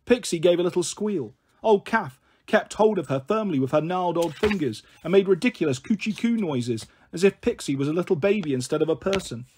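A man reading a children's novel aloud, expressive in his narration. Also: high voice, brisk, hardly any pauses, slight background noise. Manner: expressive, shifts voice for characters. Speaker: storyteller.

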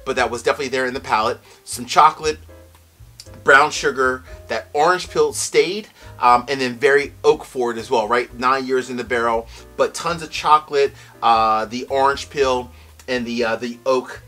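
A medium-pitched man reviews whiskey in a casual, excitable tasting, letting out loud exclamations while his eyes tear up from a strong pour.

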